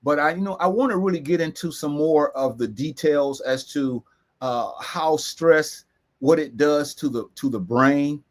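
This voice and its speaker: An emphatic man in co-hosts a serious talk, voice pitched high. He drives points home by repeating key phrases slowly. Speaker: co-host. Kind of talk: earnest discussion.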